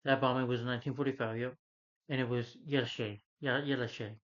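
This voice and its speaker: A man recaps a movie scene by scene in a loose, rambling way, stumbling over his words and leaning on fillers. His voice sits at an ordinary middle pitch. The recording sounds a little dull and lo-fi. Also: fairly even intonation. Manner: rambling, halting, full of "you know" and restarts. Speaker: movie reviewer. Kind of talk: casual plot retelling.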